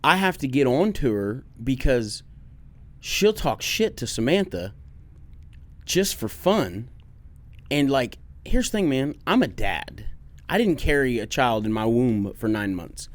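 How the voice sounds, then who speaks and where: A man co-hosting a podcast, telling family stories in a loose, profane, animated way. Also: mid-range voice, a little slow. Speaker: podcast co-host. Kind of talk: casual podcast chat.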